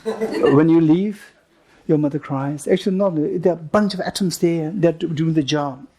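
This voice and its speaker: A husky man in his thirties teaches a Buddhist retreat to a live group. He talks in halting bursts, repeating and restarting words, chuckling between points. He keeps asking his listeners questions as he builds his examples. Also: fairly high pitch, dark tone.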